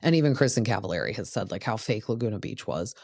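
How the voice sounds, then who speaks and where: A woman's voice: very deep voice, lively intonation, fast talker, a little mellow, dry recording, studio quality. A woman hosting a podcast, chatting casually through a reality TV recap and filling her talk with "like". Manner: chatty, peppered with "like". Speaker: podcast host.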